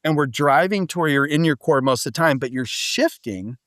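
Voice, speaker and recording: A man with a slightly higher voice, talking casually as a podcast guest. He tells stories in a loose, animated way, full of asides and quick questions. The sound is dry and close to the mic. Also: no room sound. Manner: animated storytelling, frequent "like" and "right?". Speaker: podcast guest, business coach. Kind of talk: casual interview talk.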